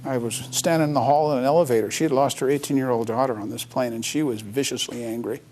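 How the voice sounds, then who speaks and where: A man's voice: medium pitch, fairly even intonation, quick pace, darkish tone. Earnest middle-aged man telling a story. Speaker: interview guest, author. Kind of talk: personal storytelling interview.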